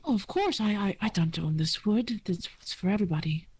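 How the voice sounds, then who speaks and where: A woman voicing a gentle, cheerful male half-elf who sings in the woods, kindly and welcoming. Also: mid-range voice, animated, fairly quick, a little hiss or hum, voice pushed up, natural voice.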